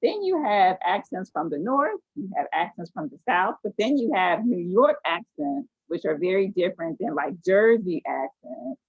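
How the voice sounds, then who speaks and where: A woman's voice: medium pitch, big pitch swings, normal speed, few pauses, husky, no room sound. An American woman teaching an online class, asking her students questions and telling stories with animation. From United States. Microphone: video call. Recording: tinny phone-like video call audio.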